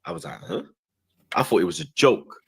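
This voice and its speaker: Animated man telling a story. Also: a little fast, breathy edge. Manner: animated storyteller, slangy, acts out quotes in a higher voice. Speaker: show host. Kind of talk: casual storytelling chat.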